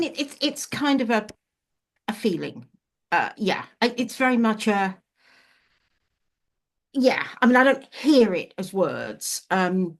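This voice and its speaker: Lively, animated woman guest. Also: mid-range voice. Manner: lively, searching for words. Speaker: guest, witch and author. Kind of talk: casual interview chat.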